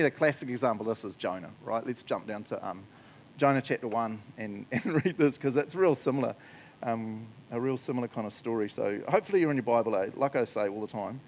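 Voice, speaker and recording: Chatty kiwi preacher, mid-pitched man. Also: animated, brisk, a little hiss or hum. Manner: chatty, jokey, laughs often. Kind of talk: casual sermon.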